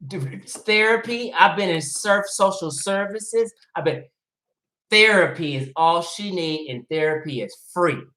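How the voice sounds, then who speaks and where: A man hosting a livestream, ranting bluntly and profanely, swinging between loud outbursts and low muttering. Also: measured pace. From Los Angeles. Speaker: livestream host. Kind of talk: livestream commentary rant.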